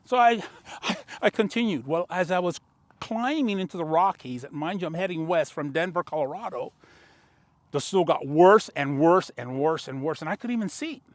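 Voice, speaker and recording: A slightly high-voiced man in his sixties tells a motivational story straight to the camera. He is a longtime car dealer and talks in an animated way, his enthusiasm building as he goes. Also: moderate pace, dry recording. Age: 60s.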